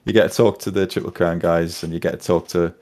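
Lower-voiced man, wry. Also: steady tone, fast talker, a little mellow. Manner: dry, wry humor, laughs often. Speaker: podcast co-host. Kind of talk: casual chat.

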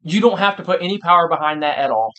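A man with a slightly high voice chats about sports on a podcast. He talks emphatically and with lots of animation, often restarting his sentences as he pushes his point. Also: lively intonation, fast, bright, forceful tone, lo-fi sound. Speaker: podcast co-host. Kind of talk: casual sports chat.

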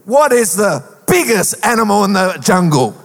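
A man preaching a lively sermon as a pastor, with a sing-song rhetorical delivery. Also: high voice, moderate pace, creaky. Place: church auditorium. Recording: long hall reverb.

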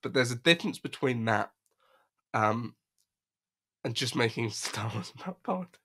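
A man's voice: medium pitch, animated, normal speed, bright, forceful tone. A man co-hosting a podcast in casual chat, rambling and profane, laughing often. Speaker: podcast co-host.

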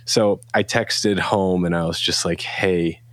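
A man's voice: low voice, fairly even intonation, unhurried, no room sound, clean studio sound. A middle-aged man, a guest, telling a rambling casual story and acting out quoted lines. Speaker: guest, pedal company founder.

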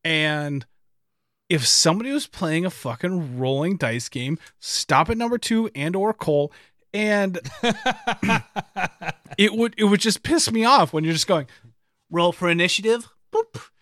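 Chatty man, slightly high voice. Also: no echo, clean studio sound. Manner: rambling, animated, quick to laugh, swears. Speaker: podcast co-host. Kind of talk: casual chat.

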